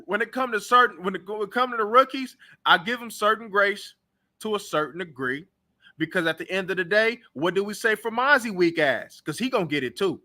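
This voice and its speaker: Blunt high-voiced man ranting about football. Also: animated, a little fast, pushed and bright. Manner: blunt, trash-talking, heated. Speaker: sports talk show host. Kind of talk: casual sports reaction rant.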